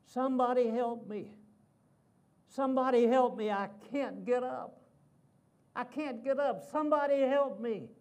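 A man's voice: very high voice, measured pace, a little mellow, pitched above the performer's own voice. A man voicing a huge, muscular father who is playfully pinned by his small son and cries out for help in mock desperation. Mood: mock distress.

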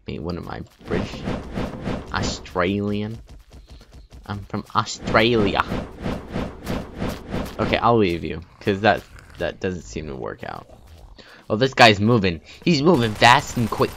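A man giving let's play commentary, muttering and humming to himself as he plays, with sudden loud excited outbursts. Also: fairly low pitch, unhurried, gravelly, pauses often, background noise. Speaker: gaming video host.

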